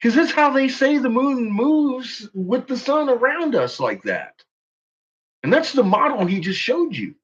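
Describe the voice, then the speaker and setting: Speaking in a very high, sing-song, fairly bright voice at a measured pace, this channel host ridicules what he watches. He's profane and laughs often, and the recording is muffled and lo-fi.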